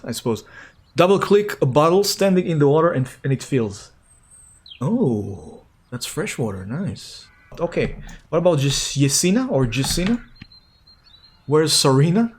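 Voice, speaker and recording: Medium-pitched and slightly rough, this man speaks at a moderate pace with plenty of animation. Streaming a game, he keeps up light, playful chatter and voices his reactions as he plays.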